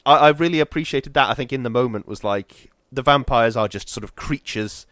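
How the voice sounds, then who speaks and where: A man chatting casually on a podcast, rambling and animated as he tells stories in put-on voices. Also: mid-range voice, fairly quick, dry recording, studio quality. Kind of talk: casual chat.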